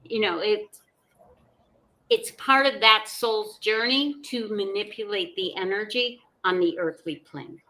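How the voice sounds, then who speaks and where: A woman speaking as a guest on a conversational podcast, explaining her views with calm assurance. Her tone is bright and forward, at a mid pitch for a woman. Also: a little slow, low-quality recording.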